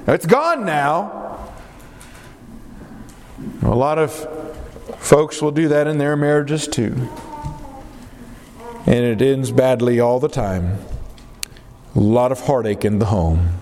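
A man preaching an expository sermon in an animated, conversational way. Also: on the high side. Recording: long reverb of a large hall.

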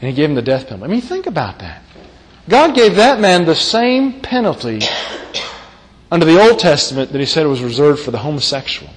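A man's voice: a little high, huge pitch swings, brisk, slight background noise. A man preaching a sermon, emphatic, who repeats key phrases and asks the listeners rhetorical questions. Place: church meeting hall. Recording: long reverb of a large hall.

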